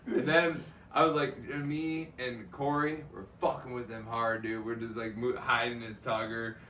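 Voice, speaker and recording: A man's voice: mid-range voice, flat delivery, moderate pace, sharp tone, echoey room, distant mic, slight background noise. A man co-hosting a casual podcast, telling rowdy work stories with lots of laughing and swearing. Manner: laughing, swearing, acts out quotes. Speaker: podcast co-host. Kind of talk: casual storytelling chat.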